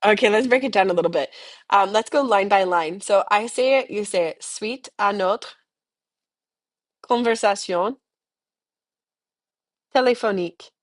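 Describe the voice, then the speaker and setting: A young woman leads a recorded French lesson with patient, chatty explanations in English. She says each model phrase slowly and with careful enunciation, leaving space for students to repeat it. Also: medium pitch. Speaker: French teacher. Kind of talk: recorded language lesson, repeat-after-me drills.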